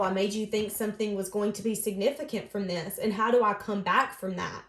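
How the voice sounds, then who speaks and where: A woman talks through a tarot reading in a casual, heartfelt way. She often slips into the voice of the person she is reading about. Her pitch sits in the middle range, and the room around her is echoey. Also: steady tone, fairly quick, fairly bright tone. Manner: earnest, emotive, speaks from the other person's view. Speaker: tarot reader.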